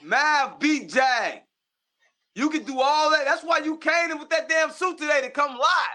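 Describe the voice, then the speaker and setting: High, bright man arguing casually. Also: fairly even intonation, brisk. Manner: argumentative, laid-back slang. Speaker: podcast co-host. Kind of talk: casual battle rap chat.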